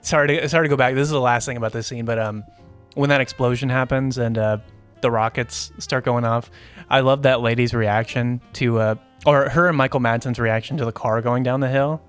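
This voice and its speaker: A man's voice: medium pitch, fairly even intonation, brisk, clear, resonant tone, soft background music. A man co-hosting a podcast, chatting casually about a movie, laughing often and rambling through fillers. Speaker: podcast co-host. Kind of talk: casual movie review chat.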